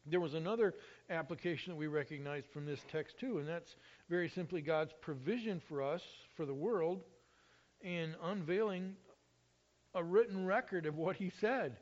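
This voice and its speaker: A high-pitched male pastor delivering a sermon, his voice swelling with emphasis whenever he quotes scripture. The recording is muffled and lo-fi, with a dull top end. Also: moderate pace. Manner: expressive, rises loudly when quoting scripture.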